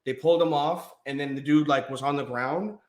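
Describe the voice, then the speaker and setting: This is a man co-hosting a casual sports podcast. His voice sits a little high, and he tells stories with plenty of energy, acting out the people he quotes and laughing along the way. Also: fairly quick. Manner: animated storytelling, acts out quotes in a high voice, laughs often. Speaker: podcast co-host.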